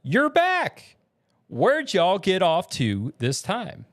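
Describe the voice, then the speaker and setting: A man voicing an intense young male warthog berserker in a put-on American Southern accent, loud and rowdy. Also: sits high, wildly swooping pitch, slow, voice pushed up, full character voice.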